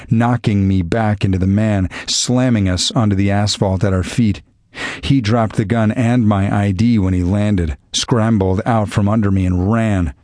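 A man with a lowish voice reads a first-person novel as an audiobook. He tells the story in a steady, wry way. The recording is close and dry, with no room sound. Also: no room sound. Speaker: audiobook narrator.

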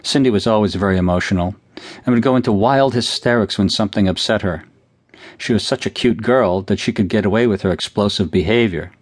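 Low-voiced man narrating his own story. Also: fairly quick, dry recording. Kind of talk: audiobook narration of a childhood memoir.

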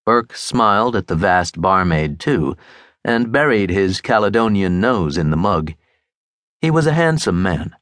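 A man narrating a mystery audiobook in a crisp, expressive storytelling manner. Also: low voice, a little slow, no echo, clean studio sound. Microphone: close studio mic.

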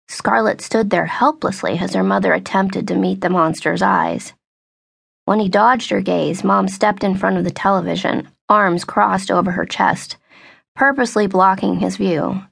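Female audiobook narrator, gravelly, dry close sound, measured. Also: mid-range voice, fairly even intonation, fairly bright tone, no echo. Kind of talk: scripted narration.

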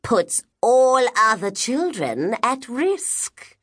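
A woman's voice: fairly high pitch, sing-song, a bit bright, voice pushed up, exaggerated voice. A woman voicing a pious, self-satisfied man guardian in an audiobook. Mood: pompous. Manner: slow, pompous, unctuous. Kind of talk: audiobook character reading.

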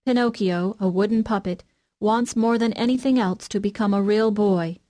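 A woman narrating an unabridged classic children's audiobook, gently addressing young readers. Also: mid-range voice, normal speed. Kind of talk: scripted storybook narration.

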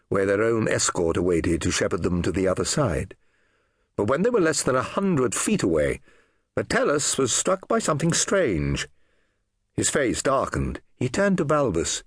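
A man narrating a historical novel audiobook in an expressive storytelling manner. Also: medium pitch, normal speed, breathy edge, no echo, clean studio sound.

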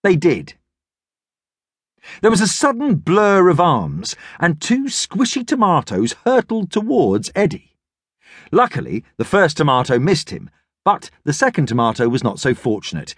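A man narrating a children's audiobook in a lively storytelling manner. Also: fairly high pitch, unhurried, no echo. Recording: dry studio audiobook.

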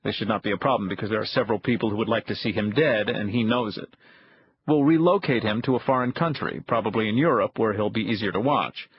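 A man voicing a frail elderly spy chief who speaks softly and with measured calm, in a husky tone. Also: on the low side, dull audio, slight background noise, pitched below the performer's own voice, close to an everyday voice. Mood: calm, cold. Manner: soft-spoken, measured.

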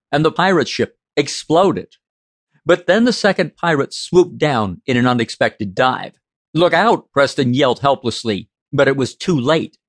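A man narrating a science fiction audiobook in a steady, measured reading. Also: mid-range voice, dry recording, studio quality.

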